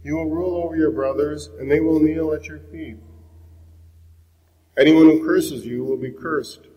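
A man reading the part of an aged, blind father in a scripture reading, in a measured, solemn way. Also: a little high, fairly even intonation, big-room sound, lo-fi sound, pitched above the performer's own voice, close to an everyday voice. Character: aged blind father blessing his son.

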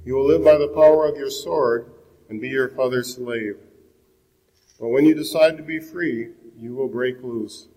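A man reading the part of an aged, blind father in a scripture reading, in a measured, solemn way. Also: medium pitch, warm tone, in a large hall, natural voice, rough recording. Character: aged blind father blessing his son.

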